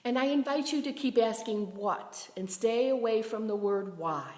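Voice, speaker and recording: Soft-spoken woman minister in an echoey hall. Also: on the high side, moderate pace, few pauses. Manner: gentle, meditative, with soft whispered phrases. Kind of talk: livestreamed sermon. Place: synagogue sanctuary. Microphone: camera from a distance.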